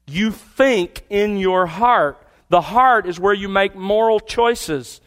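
Pastor, male, fairly high-pitched, emphatic sermon delivery with hushed drops. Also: slow pace. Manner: emphatic preaching, repeats key words, drops to quiet asides.

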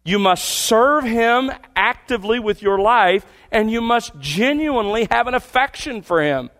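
A man preaching a sermon, stressing key words and dropping to quiet asides. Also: very high-pitched, lively intonation, unhurried. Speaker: pastor.

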